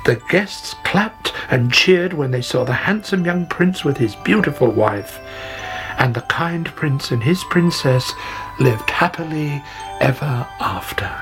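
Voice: medium pitch, lively intonation, measured pace. Fairytale storyteller over music. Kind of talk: scripted fairytale narration.

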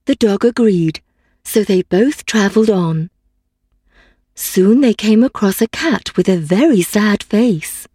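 A woman reading a children's fairy tale aloud in a calm, measured way. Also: mid-range voice, husky, no echo, clean studio sound. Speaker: storyteller.

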